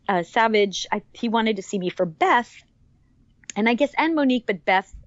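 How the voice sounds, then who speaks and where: A woman's voice: fairly high pitch, expressive, moderate pace, no echo. Woman in her 50s gushing on a podcast, lots of ums and restarts, dry kinda dull sound. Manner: enthusiastic, rambling with many fillers and restarts. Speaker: actress guest. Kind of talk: podcast interview.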